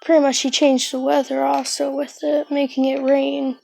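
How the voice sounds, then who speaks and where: A woman's voice: high voice, level tone, normal speed, creaky, a little mellow, a little hiss or hum. Rambling woman retelling a fan story. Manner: rambling, hesitant, many fillers and restarts.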